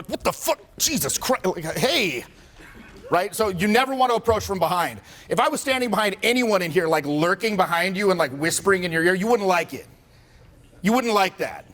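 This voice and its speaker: A man's voice: high voice, fairly bright tone. A man in his forties, a social skills coach, giving a casual, joking seminar talk to a group, swearing freely and acting out what people say. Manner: casual, joking, swears often, acts out quotes.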